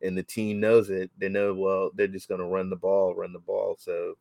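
Man, low voice, dry close sound, excitable sports talk, lots of restarts. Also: gravelly, dry recording. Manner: excitable, halting with many restarts. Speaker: podcast co-host. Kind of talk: casual sports chat.

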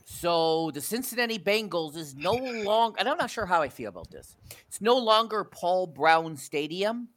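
A man's voice: high-pitched, very animated, moderate pace, fairly bright tone. A man from Canada telling rambling stories with many restarts as a podcast co-host in casual sports chat.

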